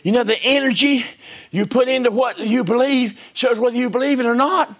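A man preaching a sermon in a church service, folksy and full of rhetorical questions, swinging between hushed whispers and shouts. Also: very high-pitched, brisk.

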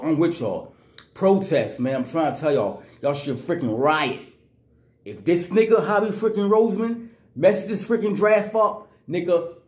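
A man's voice: a little high, darkish tone, reverberant. Angry man ranting about football. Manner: angry, repetitive, slangy. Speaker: sports vlogger. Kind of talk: fired-up sports rant.

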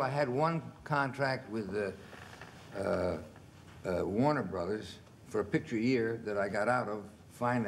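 A man in his sixties, a film actor as a television interview guest, telling stories in a lively way and acting out the quotes. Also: medium pitch. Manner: animated storyteller, acts out quotes, chuckles. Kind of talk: relaxed anecdotal storytelling. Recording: faint background noise, 1970s television interview.

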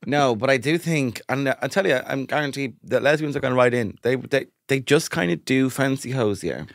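A man's voice: mid-range voice, normal speed, dry recording, studio quality. A young man co-hosting a comedy podcast, bantering casually with teasing, mock-grand asides. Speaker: podcast co-host.

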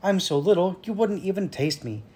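Smallest storybook billy goat, timid, squeaky, pitched high, as a man puts him on. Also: animated, moderate pace, darkish tone. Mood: pleading. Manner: squeaky, pleading.

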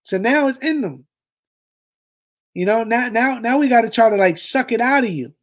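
Impassioned preachy commentary host. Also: male voice, very high-pitched, expressive, normal speed. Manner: impassioned, preachy, addresses listeners as "y'all". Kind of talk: reaction commentary.

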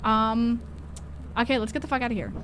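A young woman with a high, bright-pitched voice calls out directions to her friends during a spooky co-op game. She is excitable and foul-mouthed, and cheers loudly when things go right. A faint hiss sits under her voice. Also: fairly quick. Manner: excitable, swears freely, coaches teammates. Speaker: streamer playing a co-op horror game with friends. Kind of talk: live gameplay commentary.

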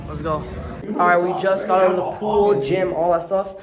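A man's voice: high voice, fairly even intonation, normal speed, over music. Hyped slangy teenage boy vlogging. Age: teens. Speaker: music producer and vlogger. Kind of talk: casual vlog chat.

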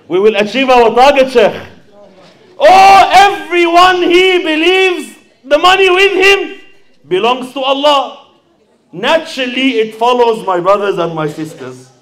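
Impassioned high-voiced male preacher. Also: fairly bright tone. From Sydney. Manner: impassioned, calls out to the crowd and acts out a story. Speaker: fundraising preacher. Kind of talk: sermon and fundraising appeal.

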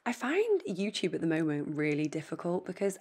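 A young woman, under the weather with a bad cold, chats casually to her camera with a faint lisp. Her voice sits slightly low, and she rambles in a relaxed, self-mocking way. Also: brisk, noisy background. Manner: chatty, rambling, self-deprecating. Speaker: equestrian vlogger. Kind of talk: casual vlog chat.

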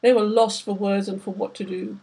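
A woman's voice: mid-range voice, little pitch movement, brisk, gravelly, dark tone, slightly rough. A woman, the author, reading aloud from her novel with vivid, dramatic storytelling. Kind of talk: literary reading.

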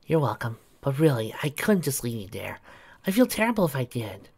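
A man's voice: medium pitch, very animated, a little fast, vocal fry, darkish tone, slightly rough, heavily acted. A man voicing an earnest young female unicorn pony who speaks a little hesitantly.

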